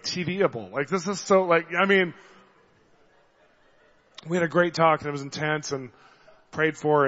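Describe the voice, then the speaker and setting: A man preaching a sermon, telling stories in an animated way, acting out the voices of the people in them and getting loud at times. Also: high voice. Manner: animated storyteller, acts out voices, gets loud. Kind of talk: sermon with storytelling. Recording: dull long hall reverb.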